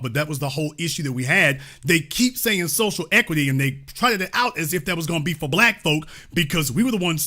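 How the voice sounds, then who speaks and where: A male host talking through played clips with a high, bright voice that swings widely in pitch. He sounds animated and incredulous, then turns to explaining. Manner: explaining, lecturing.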